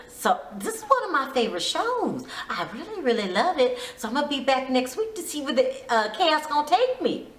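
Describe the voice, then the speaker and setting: Animated chatty woman vlogger. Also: fairly high pitch, moderate pace. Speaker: recap vlogger. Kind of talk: casual gossipy recap. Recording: roomy echo.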